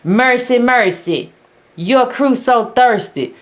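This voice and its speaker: A woman doing a drawling mock preacher woman. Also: on the high side. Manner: drawn-out sermon cadence. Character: mocking preacher-style woman commentator, forties.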